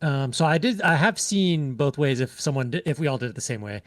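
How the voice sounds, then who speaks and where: A man's voice: a little high, expressive, fairly quick, no echo. A man co-hosting a podcast, chatting casually about a video game and retelling scenes with lots of fillers. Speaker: podcast co-host.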